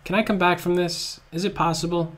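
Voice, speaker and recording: A high-voiced man talks briskly through his own blitz chess game at a desk mic, getting excited and groaning whenever he blunders.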